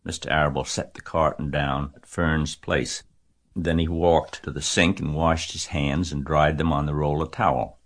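A man narrating a children's novel aloud in a measured, gentle storytelling manner. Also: a bass voice, little pitch movement. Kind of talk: audiobook reading of a children's novel.

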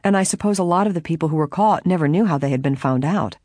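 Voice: mid-range voice, quick pace, a little mellow, no echo, studio quality, close to an everyday voice. A reader voicing a cheerful, curious young woman friend, in an audiobook.

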